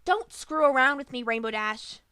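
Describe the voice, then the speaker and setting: A brash young griffin girl who yells and accuses in slangy bursts, as a woman reader puts her on. Her voice jumps high and swings wildly in pitch, loud and up close in a dry, dead recording. It fits a fan audiobook reading. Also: animated, normal speed, no echo. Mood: furious. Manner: shouting, confrontational, slangy.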